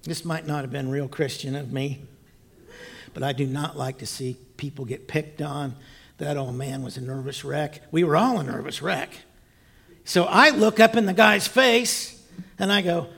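A man preaching, telling a personal story in a lively, animated way with loud bursts and quiet asides. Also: fairly high pitch, normal speed, vocal fry, slightly rough. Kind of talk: storytelling sermon.

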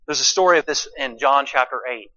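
Guy preaching a sermon, goes from quiet to loud, keeps asking the crowd questions, muffled lo-fi sound. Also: medium pitch, brisk. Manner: swings from quiet asides to loud emphatic preaching; asks the congregation rhetorical questions.

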